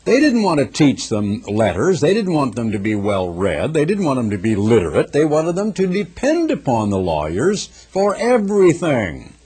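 A man's voice: mid-range voice, normal speed, hardly any pauses, husky. A man preaching a conversational sermon in a folksy way, reading scripture in a raised, ringing tone and acting out the people he quotes. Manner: folksy, acts out quoted people in lively voices. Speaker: pastor.

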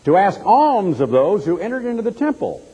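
A man's voice: high-pitched, very animated, fairly quick, mellow, breathy edge, dull audio. A man preaching a sermon, retelling a scripture story dramatically and acting out the quoted voices. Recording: long hall reverb.

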